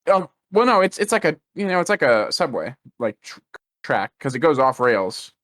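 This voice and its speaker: A man co-hosting a casual movie podcast, talking at a middling pitch. He rambles through scene recaps, stopping and restarting his sentences often. The sound is dry and close, with no room around it. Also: big pitch swings, moderate pace, fairly bright tone, no echo. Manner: rambling, lots of fillers and restarts. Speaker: podcast co-host.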